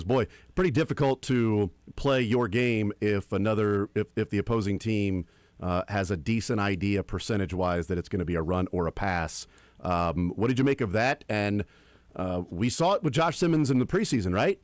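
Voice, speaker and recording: A man's voice: fairly low pitch, a little mellow, no echo. A man hosting a sports talk radio show, asking long, rambling multi-part questions of a guest.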